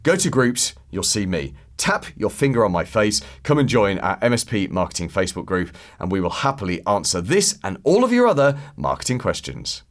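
Lively male podcast host. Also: on the low side. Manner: lively, acts out phone calls in quick put-on voices. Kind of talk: solo podcast talk.

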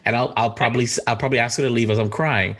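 A man's voice: mid-range voice, steady tone, rapid-fire, very noisy. A man co-hosting a casual chat, blunt and emphatic, often restarting his sentences. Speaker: podcast co-host.

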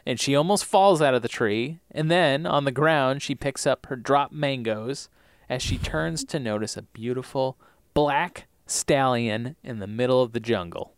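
A man co-hosts a podcast, recapping TV episodes in a casual, animated way, laughing often and acting out characters' lines. His voice is mid-range and smooth, and he's unhurried, with no echo.

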